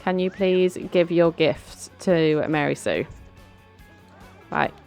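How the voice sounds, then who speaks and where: A woman's voice: sits low, fairly even intonation, slow pace, vocal fry, a little mellow. A young woman chatting through a life-sim game, bossing her characters around and giggling. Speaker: let's play host. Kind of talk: casual gameplay commentary. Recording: faint background music.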